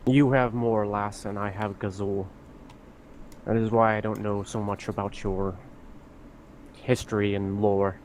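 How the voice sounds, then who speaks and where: A man's voice: lowish voice, little pitch movement, measured pace, long pauses, darkish tone, a little hiss or hum, natural voice. A man playing a young dwarf runesmith apprentice in a tabletop game, speaking in a solemn, formal way. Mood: grave.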